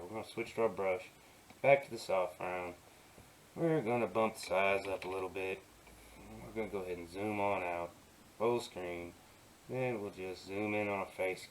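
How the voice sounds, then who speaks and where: A man narrating his digital painting tutorial in a soft, easygoing way, often dropping to a murmur and adding playful asides. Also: low-pitched, slight background noise, rough recording. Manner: playful asides while working. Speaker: digital artist.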